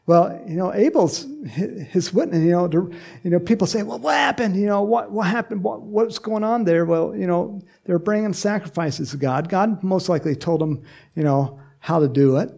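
A man's voice: high voice, moderate pace, vocal fry, a little mellow. A man preaching a conversational sermon as pastor, talking directly to the congregation and acting out little voices to make his points.

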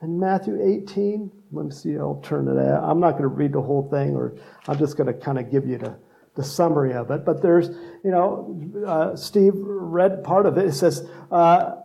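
A man's voice: a little high, fairly even intonation, moderate pace, vocal fry, mellow, poor audio. A man preaching a sermon in a conversational style, mixing jokes and asides with earnest appeals. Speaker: pastor.

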